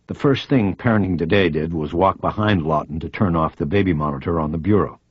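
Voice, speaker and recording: A man reading a crime thriller aloud in measured first-person narration. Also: low voice, husky, dry recording, dull audio. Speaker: audiobook narrator.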